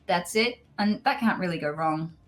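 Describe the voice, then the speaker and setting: A woman in her thirties telling a story in casual chat, animated and acting out the other voices. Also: lowish voice, normal speed, faint music behind. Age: 30s. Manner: animated, acts out voices in quotes.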